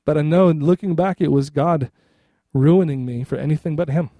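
A middle-aged man preaching with lively, conversational energy and acting out the voices of the people he quotes. His voice sits a little high for a man. The sound is dry and close, with no room echo. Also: moderate pace. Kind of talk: sermon.

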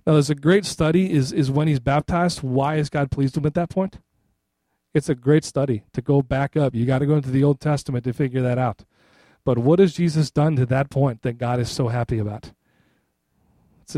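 A middle-aged man preaching with lively, conversational energy and acting out the voices of the people he quotes. His voice sits a little high for a man. The sound is dry and close, with no room echo. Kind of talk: sermon.

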